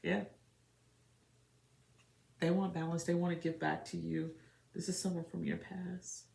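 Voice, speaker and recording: A woman's voice: on the low side, level tone, a little slow, vocal fry, darkish tone, roomy sound, a little hiss or hum. A woman giving an emotional, earnest tarot reading for her viewers. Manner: emotional, earnest, channeling feelings. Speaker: tarot reader.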